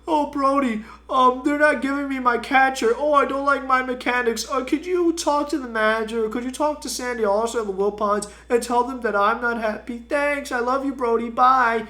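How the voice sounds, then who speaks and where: A man's voice: extremely high pitch, fairly even intonation, normal speed, hardly any pauses, bright, forceful tone, slight background noise, exaggerated voice. A man putting on a whiny, pleading voice to mock a complaining grown male ballplayer. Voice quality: whining, pleading.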